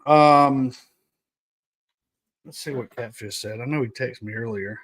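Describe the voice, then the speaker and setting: A man's voice: medium pitch, measured pace, fairly bright tone. A young man hosting a casual solo podcast, reading notes aloud and joking with his live chat, laughing often. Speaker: podcast host.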